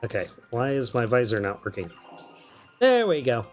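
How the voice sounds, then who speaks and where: A man's voice: mid-range voice, big pitch swings, moderate pace, faint music behind. A man from New York with a slight Southern drawl, chatting casually and swearing freely while streaming a video game. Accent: mild Southern drawl. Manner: chatty, profane, laughs often. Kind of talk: casual gameplay commentary.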